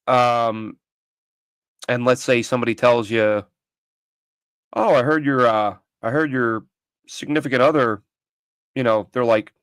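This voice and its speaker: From a home studio with his dog nearby, a man with a mid-range voice hosts a casual sports talk podcast. He's opinionated and rambling, restarting often, and there's no room sound.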